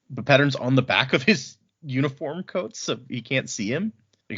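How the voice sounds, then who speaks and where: A man co-hosting a casual book podcast, retelling scenes and tossing in quick quoted lines with frequent laughs. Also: mid-range voice, animated, fairly bright tone, breathy edge. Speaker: podcast co-host. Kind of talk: casual book-club chat. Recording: dull lo-fi audio.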